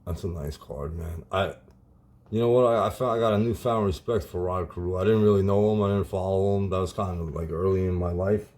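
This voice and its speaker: A man in his forties casually chatting while opening card packs on his channel, relaxed and saying "man" a lot. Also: low-pitched, brisk. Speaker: card collecting YouTuber. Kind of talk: casual pack-opening vlog.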